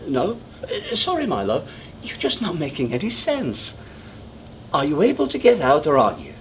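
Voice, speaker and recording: A man's voice: a little high, huge pitch swings, normal speed, a little hiss or hum. An actor playing a pompous, controlling man in a theatrical monologue, smug, condescending and over-precise in how he talks. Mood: patronizing. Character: pompous, controlling, self-assured man proposing. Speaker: stage actor. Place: theatre stage.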